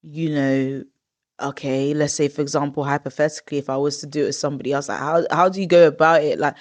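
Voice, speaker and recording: A woman in her twenties hosting a podcast in casual chat. She talks in an expressive, rambling way, with drawn-out groans of disgust. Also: low voice. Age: 20s. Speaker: podcast host.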